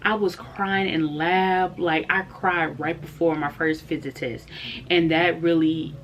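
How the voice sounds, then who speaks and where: A young woman talks straight to her viewers in a casual storytime vlog, candid and heartfelt, with lots of fillers as she goes. Her voice sits a little low. A faint hum runs behind her. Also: fairly even intonation, unhurried. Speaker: vlogger.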